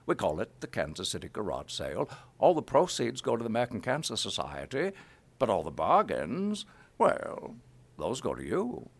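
A man's voice: on the low side, huge pitch swings, moderate pace, creaky, slightly rough, exaggerated voice. A man putting on the voice of a folksy old New England announcer reading a radio ad, with a put-on New England accent. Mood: folksy pitch.

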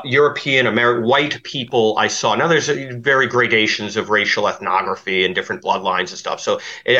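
Bright-voiced man on a dull line. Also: medium pitch. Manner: rambling, with many fillers and restarts. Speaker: investigative journalist guest. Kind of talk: interview.

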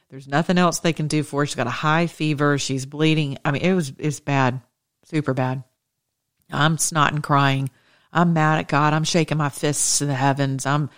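A woman minister preaching with fervent testimony, swinging between loud declarations and hushed asides. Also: sits low, moderate pace. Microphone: studio microphone.

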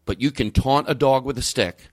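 A man hosting a podcast, ranting, swearing and jumping his pitch for emphasis. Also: normal speed. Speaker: podcast host. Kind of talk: heated podcast rant.

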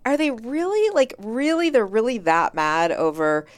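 A woman with a smooth, clear voice tells a story in casual chat. She talks animatedly and slips into the voices of the people she quotes. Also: a little high, moderate pace. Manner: animated, acts out quoted dialogue, many "like" fillers. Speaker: podcast guest.

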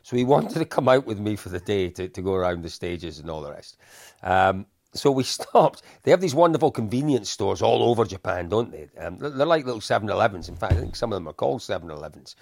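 Gravelly older man telling stories. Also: fairly low pitch, fast, no echo. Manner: animated anecdotes with frequent laughs and repetitions. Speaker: podcast co-host. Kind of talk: casual storytelling chat.

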